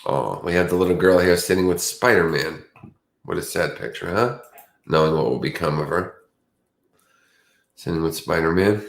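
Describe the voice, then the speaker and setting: A man's voice: sits low, normal speed, vocal fry, pauses often, reverberant. A man hosting a livestream in casual, rambling chat, chatty and self-mocking. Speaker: livestream host.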